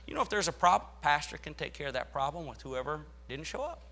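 A male pastor preaching a sermon, reading scripture aloud and swelling dramatically in loudness as he drives his points home. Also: fairly high pitch, very animated, fast talker.

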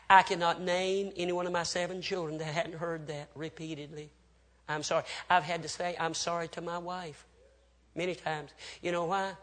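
Older preacher, bright high voice. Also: male voice, flat delivery, normal speed. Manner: storytelling preacher, swings from shouting to hushed near-whispers. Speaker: pastor. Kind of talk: sermon.

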